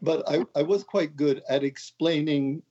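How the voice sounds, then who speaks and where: An older man from Canada, a guest author, answering interview questions in a relaxed, conversational way with wry, self-deprecating jokes. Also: a little high, a little slow, lo-fi sound. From Canada (Montreal).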